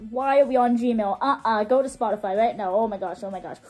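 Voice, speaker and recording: High-pitched gushing young woman. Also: fast, a little mellow. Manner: gushing, squealing, keeps repeating "oh my god". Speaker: YouTuber reacting to music. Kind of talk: excited music reaction vlog.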